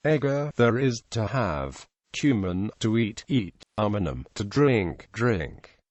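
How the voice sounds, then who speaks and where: Give me a male voice reading a grammar article aloud, with a lot of pitch movement. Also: slow pace, no room sound, highs cut off. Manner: steady reading of word lists and example phrases. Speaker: narrator.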